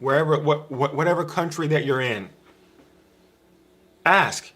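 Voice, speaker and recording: A man's voice: a little high, unhurried, pauses often, fairly bright tone. A man giving an informal spiritual teaching on a live stream from a room at home, repetitive and emphatic, speaking straight to his viewers. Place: home room with a dog bed in the corner.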